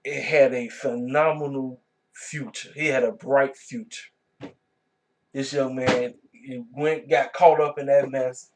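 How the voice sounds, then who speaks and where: A man hosting his own wrestling review vlog, talking casually and reacting with animated disbelief. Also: mid-range voice, slow pace. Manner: animated, colloquial, exclaiming in disbelief. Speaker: wrestling review channel host.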